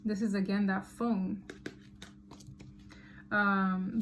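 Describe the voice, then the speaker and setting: A woman giving a casual tarot reading to camera, chatty and animated, often laughing and exclaiming. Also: mid-range voice, normal speed, slight background noise. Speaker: tarot reader.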